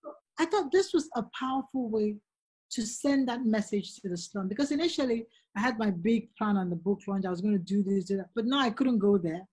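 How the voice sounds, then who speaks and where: A woman's voice: medium pitch, lively intonation, brisk, darkish tone, breathy edge. A middle-aged woman, a guest author telling stories in earnest and acting out the voices she quotes. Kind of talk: casual conversation.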